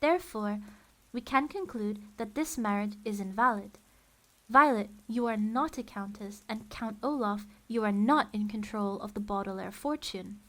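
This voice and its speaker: A woman voicing a kind female judge who speaks gently and carefully. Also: mid-range voice, normal speed, lightly acted.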